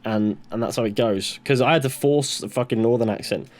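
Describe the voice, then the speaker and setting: A man's voice: mid-range voice, a little fast, darkish tone. A young man from the West Country of England with a West Country accent touched by northern English, chatting on a podcast in a sweary, rambling way with many restarts. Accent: West Country English with some northern English. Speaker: podcast co-host. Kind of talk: casual chat.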